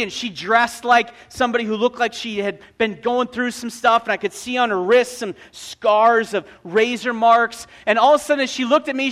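A man's voice: very high-pitched, sharp tone. A man preaching a sermon, telling stories with energy and casual, joking asides.

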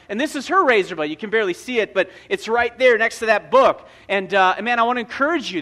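A man's voice: extremely high pitch, bright, forceful tone. A man preaching a sermon, telling stories with energy and casual, joking asides.

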